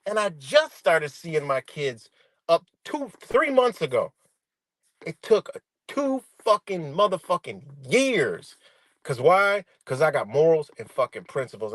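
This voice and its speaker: Man, middle-aged, profane livestream rant, animated swings in pitch, dry close sound. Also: no room sound. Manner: animated, swearing, addresses viewers as y'all.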